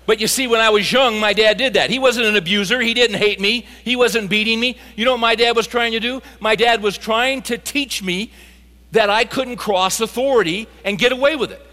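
Brief: high, bright-toned man preaching, animated, with long hall reverb behind him. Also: a little fast. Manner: animated, builds to emphatic peaks. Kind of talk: sermon. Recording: live talk in a reverberant hall.

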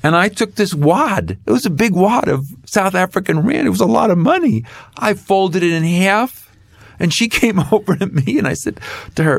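A man's voice: high-pitched, moderate pace, vocal fry, dry recording, clean studio sound. A middle-aged man, an author and guest, telling a faith story and acting out the voices in it. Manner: animated storyteller acting out dialogue.

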